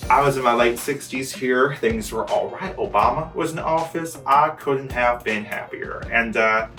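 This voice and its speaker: A man's voice: mid-range voice, moderate pace, sharp tone, reverberant, recorded from a distance, faint music behind, lightly acted. A man voicing a gushing, sentimental male Bigfoot who reflects on his fashion looks like a star in a comedy sketch. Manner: emotional, grateful, gushing like a star in a fashion interview.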